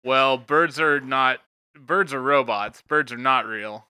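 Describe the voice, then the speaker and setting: A man's voice: mid-range voice, takes it slowly, bright, forceful tone, smooth, no echo, clean studio sound. A man co-hosting a comedy podcast, chatting casually and laughing often as he jokes around. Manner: laughs often, jokey and playful. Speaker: podcast co-host. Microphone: studio podcast mic.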